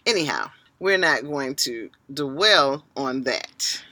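A middle-aged woman co-hosting a casual podcast, an animated storyteller who swings between loud and soft. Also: a bass voice, takes it slowly, no room sound. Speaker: podcast co-host.

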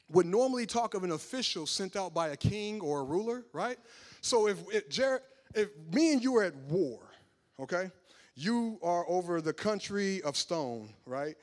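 High-voiced preacher man, conversational to shouting. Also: very animated, unhurried. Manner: conversational, building to loud emphatic preaching. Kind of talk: sermon.

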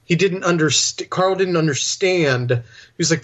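A man's voice: on the high side, measured pace, fairly bright tone, lo-fi sound. A man chatting casually about movies, rambling a bit and restarting his sentences.

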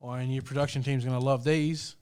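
A man's voice: medium pitch, flat delivery, quick pace, darkish tone, smooth. A man co-hosting a podcast, chatting casually and teasing his friends bluntly. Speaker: podcast co-host.

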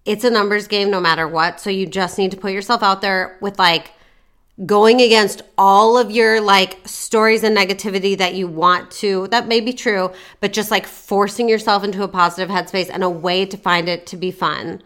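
A woman's voice: medium pitch, steady tone, moderate pace, fairly bright tone, smooth. A woman giving direct, upbeat dating advice in a casual podcast chat, once an actor. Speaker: dating coach guest.

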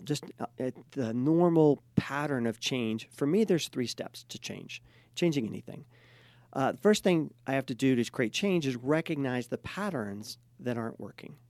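A man's voice: mid-range voice, lively intonation, normal speed, darkish tone, no echo. A middle-aged man with a mid-range voice talks in an agreeable, easygoing way. He works as a therapist and co-hosts the discussion. The recording is dry and close-miked. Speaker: therapist podcast co-host. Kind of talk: conversational discussion.

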